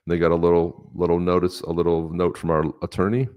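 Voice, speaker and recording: A man with a very deep voice hosts a podcast in a joking, lively way. He reads viewer comments aloud and riffs on them with his co-host. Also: fast talker, clear, resonant tone. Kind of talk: casual podcast chat.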